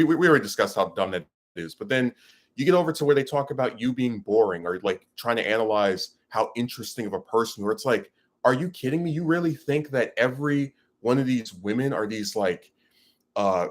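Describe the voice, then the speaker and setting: Low-voiced man on a rambling rant. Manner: emphatic, rambling, many restarts. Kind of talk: ranting commentary.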